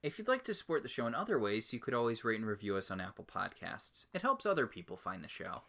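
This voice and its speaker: A man's voice: medium pitch, very animated, quick pace, bright, forceful tone. A man co-hosting a TV recap podcast in casual chat, chatty and rambling. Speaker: podcast co-host.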